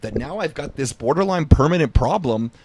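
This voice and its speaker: A man's voice: fairly high pitch, lively intonation, brisk, darkish tone, a little hiss or hum. A man hosting a podcast in casual chat, enthusiastic but hesitant, restarting his sentences a lot. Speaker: podcast host.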